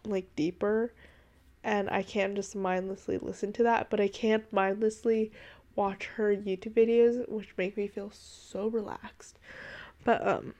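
A young woman hosts a casual solo podcast, rambling and gushing with a constant stream of "like". Her voice sounds a little congested and sits slightly high for a woman. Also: darkish tone. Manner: rambling and gushing, heavy use of "like". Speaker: podcast host.

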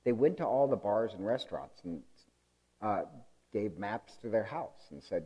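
Male pastor, relaxed conversational preacher, amused storyteller with frequent ums. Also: fairly low pitch, normal speed, husky, dull audio. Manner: chatty and amused, with many ums and uhs.

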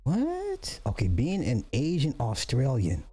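A man hosting a podcast, giving casual reaction commentary with excitable, joking asides. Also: lowish voice, unhurried. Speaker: podcast host reacting to videos.

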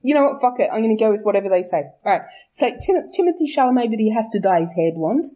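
A woman's voice: fairly high pitch, expressive, quick pace, warm tone. A young woman, chatting casually about her book's characters, laughing often, swearing and correcting herself as she goes. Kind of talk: casual chat.

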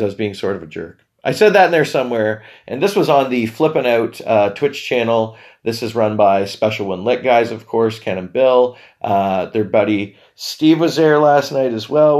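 A man's voice: medium pitch, animated, normal speed, hardly any pauses, a little mellow. A man from Canada hosting a casual solo podcast, chatty and rambling, often stumbling over words and correcting himself. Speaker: podcast host.

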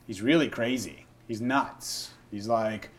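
A young adult man working as a dog trainer, talking casually and swearing freely while demonstrating, and dropping to a soft murmur when calming the dog. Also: fairly low pitch, takes it slowly, a little hiss or hum.

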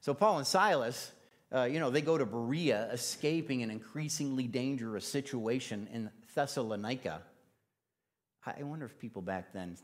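A man's voice: mid-range voice, moderate pace. A man preaching a casual, conversational sermon in church, using plenty of fillers. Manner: casual, chatty, with many fillers.

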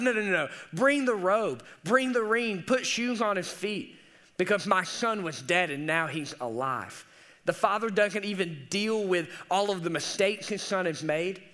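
A man's voice: sits high, bright, forceful tone. A young man preaching a sermon as a teaching pastor, earnest and conversational with casual asides.

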